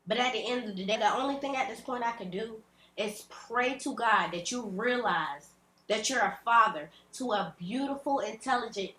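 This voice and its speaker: A woman's voice: a little high, a bit bright, a little hiss or hum. A woman, speaking bluntly and profanely in a direct-to-camera vlog rant at home. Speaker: vlogger. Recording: echoey room.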